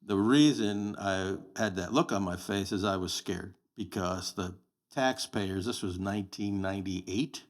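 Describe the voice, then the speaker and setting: A man's voice: deep voice, unhurried. A man in his sixties, a podcast guest, telling blunt, plain-spoken stories from a long career in casual conversation. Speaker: podcast guest, sheriff candidate. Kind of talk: casual storytelling interview.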